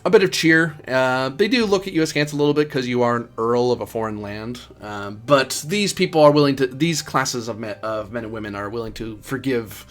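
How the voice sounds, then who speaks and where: A man's voice: medium pitch, brisk, few pauses, soft background music. A man narrating a tabletop game as game master, in a casual, rambling way with many fillers.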